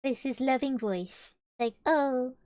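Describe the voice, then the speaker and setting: A woman's voice: a little high, lively intonation, normal speed, no room sound, clean studio sound. Playful young woman reading to her stream. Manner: playful, musing asides between passages. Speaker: streamer reading a children's book. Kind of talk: casual storybook reading with chatty asides. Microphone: streaming microphone.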